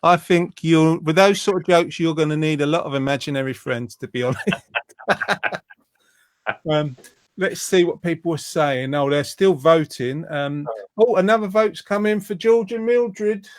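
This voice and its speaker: A chatty, upbeat man hosting a show over a video call. His voice sits a little high for a man and he laughs easily. The sound is dry and close. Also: unhurried, no room sound. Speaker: host. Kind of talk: casual chat.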